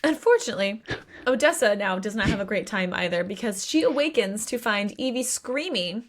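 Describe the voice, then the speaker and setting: A young woman co-hosting a book podcast, recapping chapters in a lively, casual way, swearing freely and acting out quotes. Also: mid-range voice, brisk. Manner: animated retelling with acted quotes and swearing. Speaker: podcast co-host.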